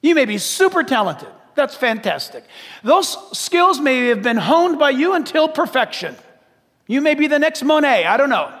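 A man with a very high-pitched voice preaches a sermon, emphatic and full of rhetorical questions. He keeps calling the congregation to listen. A long reverb trails his words through a large church hall. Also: sing-song, normal speed, fairly bright tone. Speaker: pastor.

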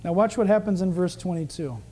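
High-voiced man preaching animatedly. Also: fairly quick. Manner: animated, acting out quotes. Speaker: pastor. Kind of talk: sermon.

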